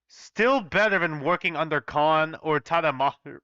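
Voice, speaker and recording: A man with a bright, crisp voice reads a story on his channel and keeps breaking off into loud, profane asides. The recording is dry and a bit dull. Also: on the high side, moderate pace, hardly any pauses, no room sound. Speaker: video host reading a story aloud. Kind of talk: casual reading commentary.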